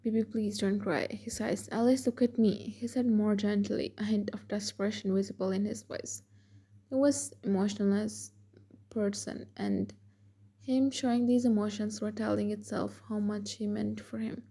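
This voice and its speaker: A woman narrating a fan fiction romance story in a steady scripted read. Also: medium pitch, moderate pace, gravelly.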